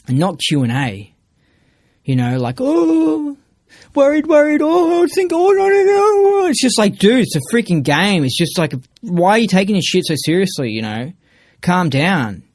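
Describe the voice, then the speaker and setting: A man's voice: a little high, no room sound. A man in a casual podcast monologue, ranting emphatically and swearing freely. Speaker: podcast speaker.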